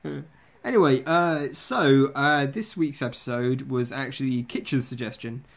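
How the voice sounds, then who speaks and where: A man's voice: medium pitch, measured pace, creaky. A man hosting a casual podcast chat, joking and teasing his guests. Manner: jokey, teasing. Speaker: podcast host.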